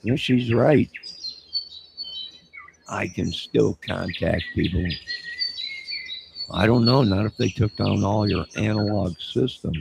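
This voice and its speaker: A man's voice: on the low side, slow pace, gravelly, pauses often, noisy background. A man hosting a livestream, reading chat aloud and rambling in a crude, sarcastic way.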